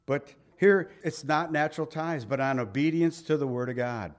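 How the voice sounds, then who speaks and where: A middle-aged man preaching a sermon in a conversational way, asking the congregation questions and swinging between emphatic and quiet lines. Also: on the high side, normal speed. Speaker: pastor.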